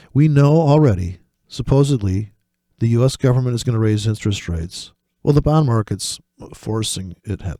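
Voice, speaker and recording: A man giving casual, rambling commentary over trading charts, swearing often and breaking into excited, mocking asides. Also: medium pitch, no room sound. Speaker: forex trading vlogger.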